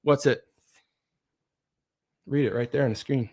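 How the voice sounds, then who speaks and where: A middle-aged man giving a motivational talk, energetic and repetitive, chanting pep-talk lines at himself. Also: mid-range voice, measured pace. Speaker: motivational speaker.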